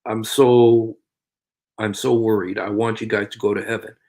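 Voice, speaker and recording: Here a man speaks at normal speed in a lowish, darkish voice with flat delivery. He's a Christian preacher and video host giving an evangelistic vlog appeal, earnestly pleading with viewers and repeating phrases repeatedly.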